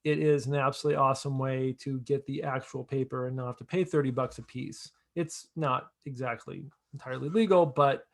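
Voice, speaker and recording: A man leading a project kickoff, talking through a screen share in a casual, halting way with many fillers and restarts. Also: mid-range voice, steady tone, creaky. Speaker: project lead.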